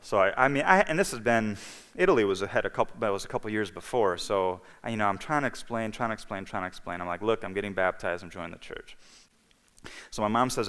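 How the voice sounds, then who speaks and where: A man's voice: lowish voice, fast talker, a bit bright, smooth. A man giving a personal testimony as a guest speaker in church. He tells his story in a storytelling manner, acts out each person's lines, and often checks in with "okay?" and "you know". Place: church hall. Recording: livestream with long hall reverb.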